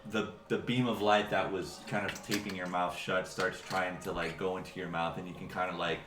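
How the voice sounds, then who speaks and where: A man narrating as game master in a halting way, full of fillers and restarts. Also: low-pitched, level tone, echoey room, noisy background. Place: home room, online session.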